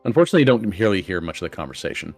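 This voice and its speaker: A man's voice: sits low, big pitch swings, very fast. A man narrating as game master in a loose, filler-heavy storytelling manner. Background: faint ambient music.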